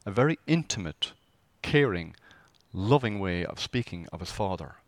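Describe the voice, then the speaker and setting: Male pastor, animated sermon delivery, dry close sound. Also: sits low, normal speed, dry recording. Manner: lively, conversational preaching with rhetorical questions.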